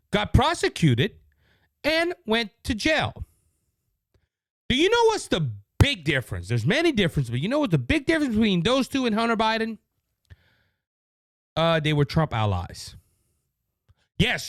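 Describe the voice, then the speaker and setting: A man's voice: high voice, a bit bright, dry recording, studio quality. A man with a Cajun Louisiana accent hosting a political talk show, delivering indignant, mocking commentary with many repetitions.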